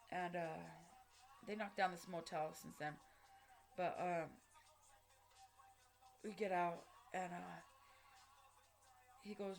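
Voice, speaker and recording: A woman speaks directly to her camera in a somewhat low voice, recounting her own story in blunt, heavily profane, halting bursts full of restarts. Faint music plays quietly underneath her voice. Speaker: vlogger recounting a personal story. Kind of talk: unscripted personal storytelling.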